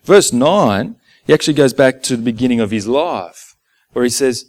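A man preaching a sermon in an earnest way. He asks rhetorical questions, repeats key phrases and sometimes drops to a quiet, intimate tone. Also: medium pitch, lively intonation, moderate pace, no echo.

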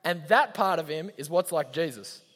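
High-voiced youth leader. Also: male voice, lively intonation, normal speed, fairly bright tone. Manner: chatty, slangy, addresses audience directly. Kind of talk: youth talk. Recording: long hall reverb.

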